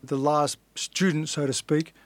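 A man's voice: fairly high pitch, fairly even intonation, measured pace, dry recording. A man in his forties, a fighter being interviewed, telling his life story in a blunt, earnest way and swearing casually. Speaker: guest, fighter.

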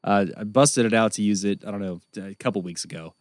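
A man's voice: fairly low pitch, brisk, no echo, clean studio sound. A man co-hosting a casual comedy podcast, telling rambling, profane stories full of fillers. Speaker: podcast co-host.

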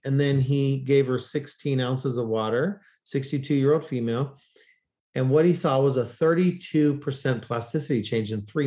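A man's voice: medium pitch, dark tone. A man speaking as an interview guest in a mid-range voice. He tells stories with energy and briefly acts out the people he quotes. His tone stays casual and conversational. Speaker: guest expert.

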